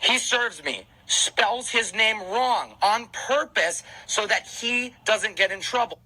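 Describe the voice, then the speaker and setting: A man in his twenties ranting on a livestream from his home, anxious and panicked, talking fast with restarts and swearing. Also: high-pitched, lively intonation, pushed and bright, poor audio. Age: 20s. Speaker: car content creator on a livestream. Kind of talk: agitated livestream rant. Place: at home, alone.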